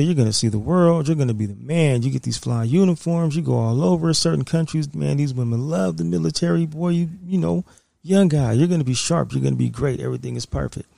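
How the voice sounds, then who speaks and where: A man telling a personal story in a casual, streetwise and profane way, acting out scenes with lively energy. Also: medium pitch, gravelly, no room sound.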